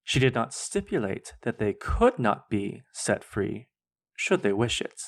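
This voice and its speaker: A man hosting a podcast, reading his own fan fiction aloud in a measured, dramatic way. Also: mid-range voice, sing-song. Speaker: podcast host.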